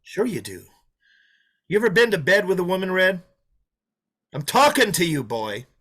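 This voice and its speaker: An actor playing a menacing drifter who taunts his hostages, swinging from loud mockery to hushed threats, in a play reading. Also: sits high, very animated, normal speed, breathy edge, full character voice. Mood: taunting. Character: menacing, sneering drifter holding a diner hostage. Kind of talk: play read over a video call.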